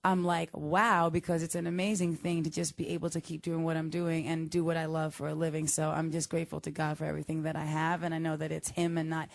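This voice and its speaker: A woman's voice: sits low, little pitch movement, quick pace, creaky, few pauses, no echo. A woman in her thirties, a guest singer talking casually in a radio studio interview, laughing often and full of "like" and "you know". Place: radio studio with a live audience.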